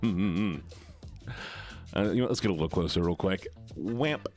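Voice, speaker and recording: A man's voice: sits low, a little slow, a little mellow, soft background music. A man livestreaming, chatting casually and greeting viewers one by one in a playful, teasing way.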